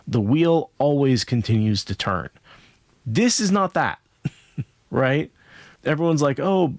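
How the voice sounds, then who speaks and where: A man co-hosts a podcast, discussing a book in a thoughtful, casual, rambling way and often tossing in "right?" to check in. His voice is mid-range, and the studio-quality recording has no room sound.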